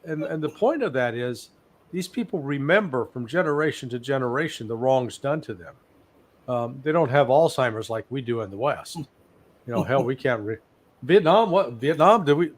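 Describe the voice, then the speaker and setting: Speaking in a mid-range voice, an older man in his sixties appears as a guest analyst in a live interview, animatedly telling stories and giving blunt, sarcastic commentary.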